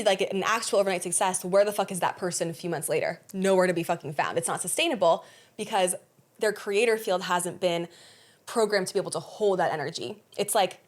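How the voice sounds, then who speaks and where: A young adult woman hosting a podcast, talking bluntly in a casual, animated way, with frequent swearing. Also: on the low side. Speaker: podcast host.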